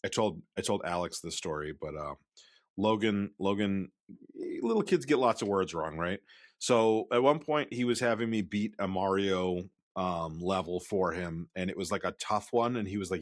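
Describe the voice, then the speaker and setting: A man co-hosting a podcast, talking in a relaxed, measured way and sometimes trailing off. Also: deep voice, dry recording, clean studio sound. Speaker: podcast co-host. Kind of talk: casual chat.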